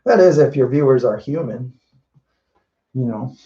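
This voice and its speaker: A man talks through his painting as he works, loose and unhurried, often restarting his sentences and tossing in "you know." His voice sits mellow and warm in a middle pitch. The recording is a little dull and lo-fi. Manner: relaxed, thinking aloud while painting, many restarts and "you know". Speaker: painting instructor. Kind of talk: live painting demonstration. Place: indoors at a painting wall.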